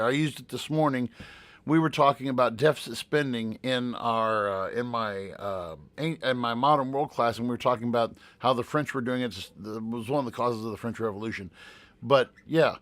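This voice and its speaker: A man's voice: mid-range voice, moderate pace, fairly bright tone, no echo. A man co-hosting a casual podcast who works as a teacher, rambling and restarting as he reads out numbers. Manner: rambling, with many restarts while reading out figures.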